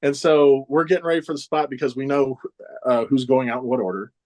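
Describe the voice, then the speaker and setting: A man's voice: medium pitch, brisk. Wrestler guest, 40s, male, middle voice; loose anecdotal storyteller who chuckles and mimics others. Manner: animated anecdotes, chuckling often, acts out others' lines. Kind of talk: casual storytelling interview.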